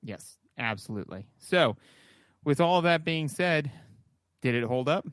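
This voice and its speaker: Halting, agreeable podcast man in his thirties. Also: on the high side, expressive, a bit bright, no room sound, clean studio sound. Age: 30s. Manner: agreeable, halting, repeats "like" and "you know". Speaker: podcast co-host. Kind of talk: casual retro game review chat.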